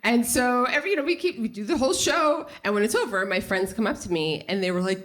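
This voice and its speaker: A woman telling a funny personal story live on stage, animated and self-mocking, full of "like.". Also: mid-range voice, brisk, few pauses. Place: small theater stage with audience.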